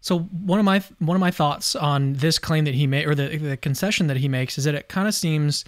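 A man's voice: on the high side, a little fast, dry recording. Chatty male host, dry close sound. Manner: conversational, restarts phrases. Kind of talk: casual interview chat.

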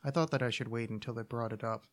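A podcast host reads a short story aloud. He narrates in an even, deadpan manner at an ordinary middle pitch for a man. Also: fast. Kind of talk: story reading.

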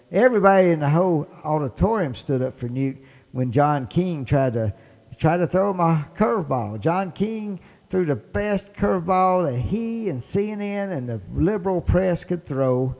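A man's voice: a little high, lively intonation, normal speed, darkish tone, big-room sound. A man with a Mississippi accent hosting a show and talking politics with emphatic enthusiasm. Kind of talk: political commentary.

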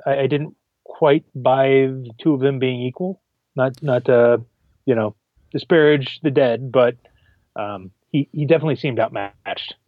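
A man's voice: medium pitch, measured pace, no room sound, narrow, tinny audio. Man co-hosting a casual movie chat. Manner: animated, emotional, restarts words. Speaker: podcast co-host.

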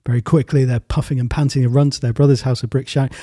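A man telling a children's story in a relaxed, rambling way, as a talk host. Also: mid-range voice, fast, slightly rough, no echo, studio quality. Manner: relaxed, rambling with fillers and restarts.

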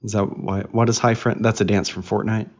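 A man in his thirties chatting casually with his young daughter on a podcast, patiently explaining things through questions and gentle teasing. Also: fairly low pitch, little pitch movement, a little fast. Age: 30s. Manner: patient explainer who asks questions and teases. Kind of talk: casual family chat. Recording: dull lo-fi recording.

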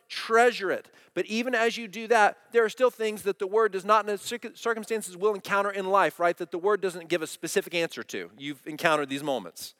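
A man's voice: fairly high pitch, a bit bright, no room sound, studio quality. A middle-aged man preaching a sermon, earnest and direct, often asking the congregation questions. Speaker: pastor.

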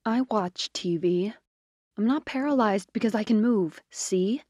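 A woman voicing an injured, blunt-spoken woman lying in a hospital bed, speaking faintly and haltingly through pain. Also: mid-range voice, a little mellow, no room sound, studio quality, natural voice. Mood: weak, pained.

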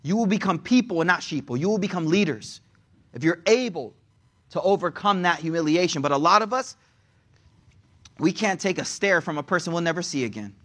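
A young man delivers a casual sermon in a high voice, animated and slangy, acting out the people in his stories. His pitch swings from bright peaks down to low, quiet asides. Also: fairly quick. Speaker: religious teacher.

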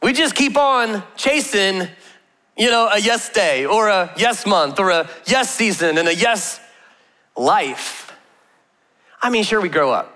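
Bright-voiced man preaching in a reverberant hall. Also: sits high, animated, slow. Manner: chatty storytelling with humor and rhetorical questions. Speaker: pastor. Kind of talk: conversational sermon. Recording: long reverb of a large hall.

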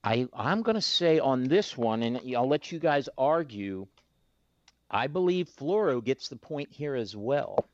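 A man at a mid pitch hosting a loose chat with friends, tripping over his words and chuckling as he keeps score. The sound is dry and close, with a dull, muffled top end. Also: expressive, a little slow, darkish tone, dry recording. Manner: laughing, stammering restarts, keeps score. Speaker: podcast host, moderator. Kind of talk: casual chat among friends. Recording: muffled lo-fi podcast audio.

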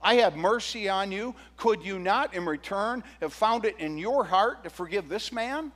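Guy doing a furious king yelling at a servant, high lively voice. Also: moderate pace. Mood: outraged. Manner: berating, indignant. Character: angry male king, furious and scolding.

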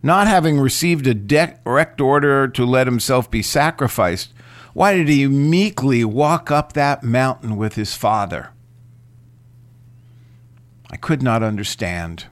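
Slow, deliberate male lecturer. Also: medium pitch, animated, no room sound. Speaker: lecturer on Jewish scripture. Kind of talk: reflective lecture.

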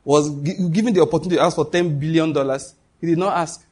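A middle-aged man preaches to his congregation in an animated, conversational way. His voice sits a little high and has a husky edge. He leads call-and-response and drops into quoted voices as he tells stories. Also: quick pace. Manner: animated, laughs often, shifts to quoted voices. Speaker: pastor. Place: church hall before a congregation.

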